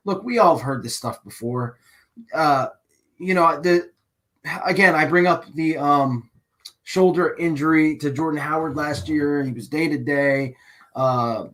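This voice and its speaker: A man's voice: fairly high pitch, fairly bright tone. A man hosting a live sports channel, ranting emotionally and rambling with many restarts. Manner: rambling, with frequent restarts and fillers; emotional and exasperated. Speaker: channel host. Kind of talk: live-stream sports rant.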